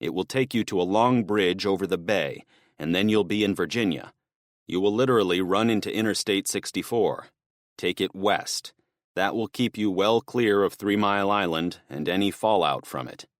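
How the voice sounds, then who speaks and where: A man reading an audiobook, voicing a calm, practical middle-aged father who gives his son firm, serious instructions. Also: low-pitched, moderate pace, no echo, clean studio sound, natural voice. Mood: firm worried.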